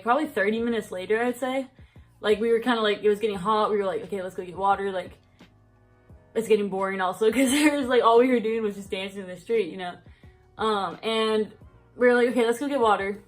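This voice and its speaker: A young adult woman telling personal stories in casual vlog chat, rambling, full of "like" and quick laughs. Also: medium pitch. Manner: rambling, fills speech with "like", laughs often. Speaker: vlogger.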